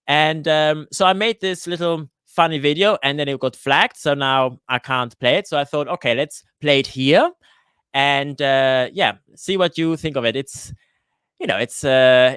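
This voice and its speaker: Man, cooking channel host, live Q&A chat, resonant voice, dry close sound, halting with fillers. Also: on the high side, a bit bright, smooth, dry recording. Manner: chatty, greets viewers from the chat by name; hesitant, with frequent "uh" fillers and restarts. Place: lives in Switzerland.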